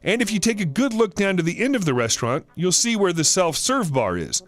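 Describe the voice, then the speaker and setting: Man playing a calm, firm restaurant manager. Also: high-pitched. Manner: polite, measured, formal.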